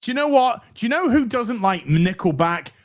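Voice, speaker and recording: A man's voice: high-pitched, very animated, normal speed. An English man co-hosting a podcast, reading out donations in a casual, sweary and jokey way. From England.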